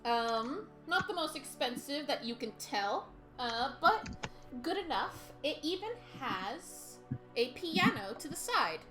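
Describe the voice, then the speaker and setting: A woman narrating a tabletop game as game master, unhurried and quick to laugh. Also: high voice, sing-song, music in the background.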